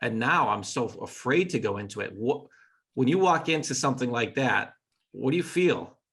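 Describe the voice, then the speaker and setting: A man's voice: mid-range voice, lively intonation, moderate pace, a bit bright, breathy edge. A man interviewing a friend in casual conversation, asking probing, clarifying questions.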